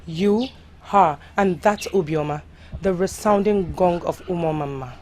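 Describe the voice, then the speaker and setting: An actress with a Nigerian accent playing a haughty, mocking rival in a drama. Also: female voice, fairly low pitch, measured pace, darkish tone, a little hiss or hum, natural voice. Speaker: rival (Puluchi). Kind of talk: Nollywood drama acting.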